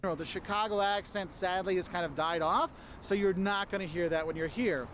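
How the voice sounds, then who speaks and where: A man's voice: high voice, moderate pace, a bit bright, slight background noise. A man talking casually to camera as a travel vlogger, giving chatty, explanatory advice about a city with a light humorous touch.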